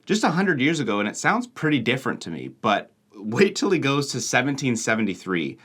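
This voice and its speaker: A young American man from Oregon narrating a travel vlog with a chatty, animated delivery. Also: mid-range voice, brisk. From Oregon, USA. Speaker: vlogger host.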